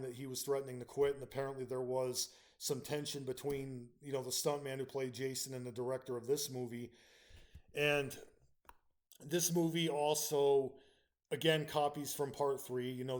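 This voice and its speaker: A man's voice: mid-range voice, darkish tone. A man hosting his own channel, giving a casual spoken film review with frequent ums and restarts. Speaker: channel host reviewing films.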